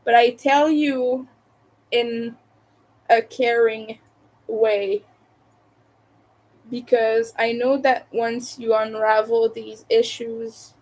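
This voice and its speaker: A woman from Montreal with a fairly high voice chats casually with her stream audience. She talks in a candid, opinionated way and often laughs between remarks. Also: level tone, extremely slow, long pauses, darkish tone, low-quality recording. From Canada, Montreal. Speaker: livestreamer. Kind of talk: casual chat to a live audience.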